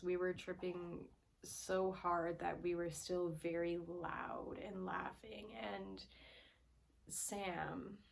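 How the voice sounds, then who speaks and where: A woman's voice: mid-range voice, vocal fry, a little mellow. A young woman telling a story in a casual, rambling way, full of "like" and "um", sometimes dropping to a whisper, recorded at home on a camera aimed at her face. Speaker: vlogger.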